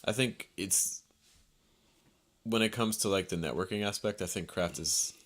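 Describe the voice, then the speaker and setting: Low-pitched man, calm and reflective, talking ideas through in conversation. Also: normal speed. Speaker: podcast co-host. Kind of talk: casual conversation.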